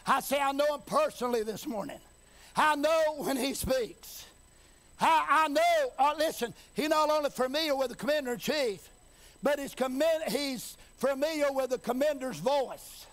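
A very high-voiced man preaches with lively intonation at a regular pace. His delivery climbs to shouting and chanting, drops to a soft, folksy register, and circles back on repeated phrases as he asks the congregation whether they hear him.

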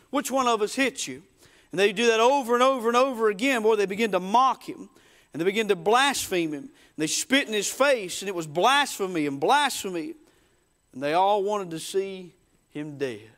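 A man's voice: sits high, a bit bright. A man preaching a sermon, telling the story emphatically and acting out the voices in it. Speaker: pastor.

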